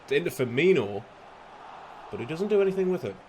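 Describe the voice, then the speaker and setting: A young man commentating his own football video game, slightly hoarse, bursting into shouts and laughter at goals. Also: on the high side, a little fast, a little hiss or hum. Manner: excitable, shouts at goals, casual swearing. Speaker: gaming youtuber.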